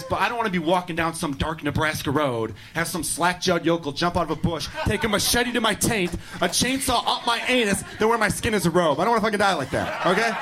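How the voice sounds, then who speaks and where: A man's voice: high-pitched, noisy background. A man doing a stand-up set with a brash, profane, punchy delivery. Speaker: stand-up comedian.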